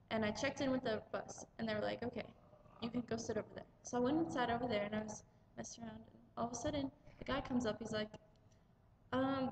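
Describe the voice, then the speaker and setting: Chatty young woman with a gravelly edge. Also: a little high, background noise. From United States. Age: young adult. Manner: chatty, rambling, lots of "like". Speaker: vlogger. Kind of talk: casual travel vlog storytelling.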